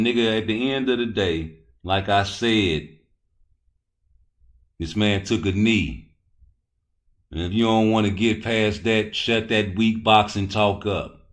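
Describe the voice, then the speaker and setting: A man hosting a live boxing talk stream, rambling loosely and cursing as he answers his chat. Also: low-pitched. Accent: Baltimore. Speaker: boxing talk show host.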